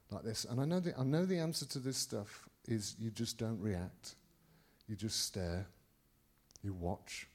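A middle-aged Englishman preaching by telling a personal story, rambling with many restarts and sudden jumps in loudness. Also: on the low side, moderate pace, slightly rough. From England. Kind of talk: anecdotal preaching to a congregation.

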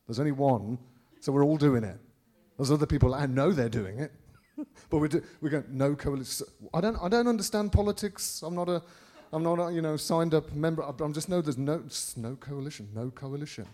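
A middle-aged Englishman preaching by telling a personal story, rambling with many restarts and sudden jumps in loudness. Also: fairly high pitch, a little fast. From England. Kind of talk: anecdotal preaching to a congregation.

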